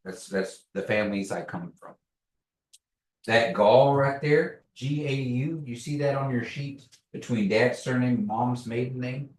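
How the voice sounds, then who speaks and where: A man teaching a language class, patiently repeating words slowly for learners. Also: medium pitch. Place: classroom, echoey room. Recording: echoey room, distant mic.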